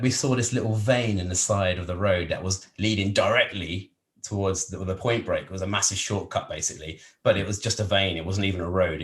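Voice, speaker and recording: This low-voiced Englishman, appearing as a podcast guest, tells a long travel story. His delivery is casual, animated and rambling, broken up by frequent laughter.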